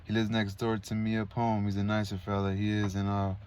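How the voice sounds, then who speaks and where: A man voicing a wounded, rambling male soldier who talks in a slow, rustic, slurred drawl. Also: fairly low pitch, completely flat delivery, a little mellow, smooth, natural voice.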